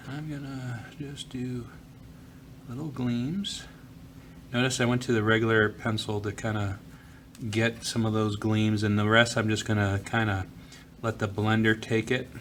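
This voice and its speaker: Relaxed man narrating a drawing lesson. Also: on the low side, normal speed, pauses often, a little hiss or hum. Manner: relaxed, talks while drawing, frequent fillers. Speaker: art teacher. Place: school office.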